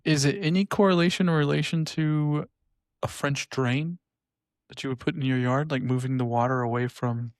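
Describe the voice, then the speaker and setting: A man's voice: on the high side, fairly even intonation, normal speed, no echo, studio quality. A man co-hosting a podcast in casual chat, joking and rambling and self-deprecating. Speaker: podcast co-host.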